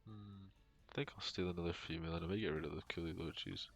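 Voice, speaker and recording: A man's voice: deep voice, fairly even intonation, quick pace, vocal fry, a bit bright. A man streaming a game from home on a headset, rambling casually with lots of fillers and dry jokes. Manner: rambling, filler-heavy, joking. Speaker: streamer and young father. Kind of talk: casual gaming stream chat. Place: home room. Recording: dull lo-fi sound with music behind.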